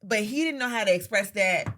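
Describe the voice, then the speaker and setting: Bright-voiced young woman telling stories. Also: medium pitch, a little fast. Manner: animated storytelling, swearing, acts out quotes. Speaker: podcast co-host. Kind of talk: casual chat.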